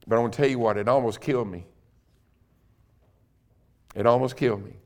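A middle-aged man, a guest preacher in a church, telling his own conversion story and building to loud, emphatic preaching. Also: mid-range voice, fairly quick. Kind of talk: sermon. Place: church sanctuary.

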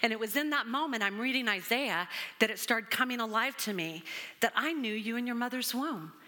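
Woman pastor in her 40s, bright voice, earnest sermon testimony, acts out quotes. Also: a little high, lively intonation, fairly quick.

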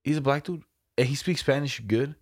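A young man telling a story in a casual chat, relaxed and profane, slipping into quoted voices. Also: medium pitch, brisk.

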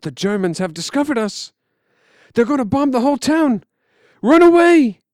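A man voicing a panicked old village man who shouts urgent warnings. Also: very high voice, very animated, normal speed, dry recording, studio quality, pitched above the performer's own voice. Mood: alarmed.

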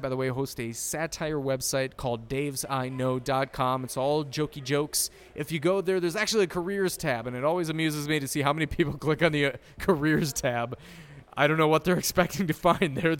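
A man's voice: fairly high pitch, clean tone. A man hosting a casual sports podcast, joking and sarcastic. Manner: sarcastic, jokey, deadpan insults. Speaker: podcast host.

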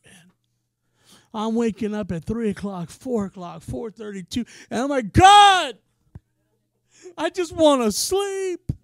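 Man, preacher, very high voice, dry close sound, casual passionate sermon. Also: no echo. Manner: passionate, swings from quiet to shouting; casual, says "man" often.

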